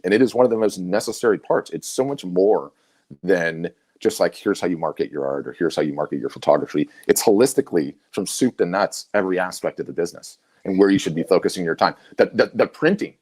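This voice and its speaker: A middle-aged man with a very low voice co-hosts a casual webinar. He tells stories animatedly and keeps restarting his sentences. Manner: animated storyteller, many restarts. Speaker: co-host.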